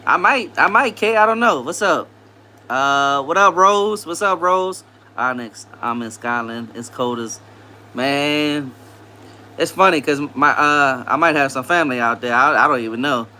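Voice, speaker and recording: A livestream host from Louisiana, this man speaks with a Southern accent in a slightly high, animated voice that is pushed and bright. He takes his time, reading viewer comments aloud and greeting people in a relaxed, upbeat fashion.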